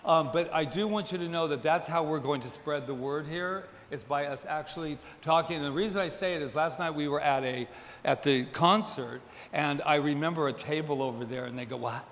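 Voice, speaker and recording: Speaking briskly in a slightly high, somewhat bright voice, the leader of a spiritual center jokes at his own expense while giving informal church announcements. The church hall echoes, with faint ambience and a little background noise.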